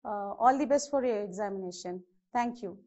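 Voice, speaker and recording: A woman's voice: mid-range voice, brisk, a little mellow, muffled recording, faint music behind. A woman teaching an exam-prep grammar lesson, explaining patiently step by step with many "okay"s and "so"s. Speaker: English teacher.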